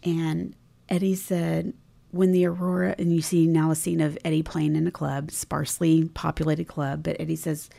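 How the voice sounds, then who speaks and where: A woman co-hosting a podcast, casually recounting a TV episode scene by scene and quoting the characters' lines softly. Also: low voice, level tone, normal speed, vocal fry. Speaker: podcast co-host. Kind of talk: casual recap chat.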